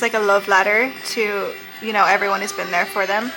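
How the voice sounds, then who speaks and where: A woman's voice: mid-range voice, steady tone, brisk. A woman hosting a reaction video, talking casually and emotionally with lots of "like" fillers. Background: faint music video playing.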